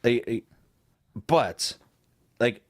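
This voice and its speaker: A man co-hosting a casual podcast, telling a story with lots of swearing and high-pitched quoted voices. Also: lively intonation, very slow, dry recording, clean studio sound. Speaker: podcast co-host.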